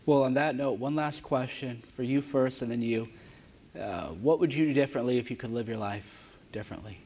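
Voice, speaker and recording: A man interviews guests on a conference stage, at an ordinary pitch for a man. He speaks quickly and casually, in a conversational tone. Faint room noise sits behind him. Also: darkish tone.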